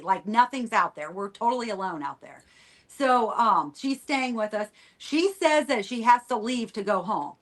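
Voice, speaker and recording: Higher-voiced woman telling her story. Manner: rambling, repeats phrases, trails off quietly at line ends. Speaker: podcast guest. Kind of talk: personal testimony storytelling.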